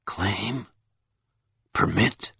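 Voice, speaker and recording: A man's voice: fairly low pitch, drawn-out words, creaky, bright, forceful tone, breathy edge, no echo, highs cut off, exaggerated voice. A man voicing a dazed, weary man who mutters and groans, in an audiobook reading. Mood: bewildered.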